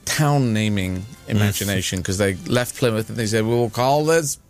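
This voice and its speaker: A man's voice: on the low side, normal speed, faint music behind. An English man chatting as a guest, riffing playfully and wandering between thoughts. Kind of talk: casual chat.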